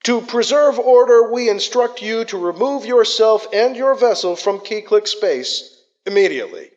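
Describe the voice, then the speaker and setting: A man's voice: high-pitched, animated, normal speed, darkish tone, voice pushed up. A man voicing a cold, orderly male alien envoy who speaks formally and commandingly through a translated comm channel. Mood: stern. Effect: translated alien voice over comm channels. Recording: dull lo-fi sound with long reverb.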